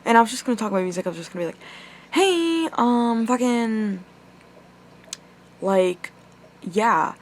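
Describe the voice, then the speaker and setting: Very fast and lowish in pitch, a young woman vlogger gives a casual storytime monologue to her camera. The personal story rambles, heavy on swearing and filler.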